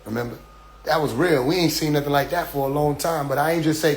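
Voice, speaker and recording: A man's voice: fairly high pitch, quick pace, a little hiss or hum. A man in an impassioned address to his followers, preachy and full of rhetorical questions, often repeating "you see?". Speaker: group leader addressing followers.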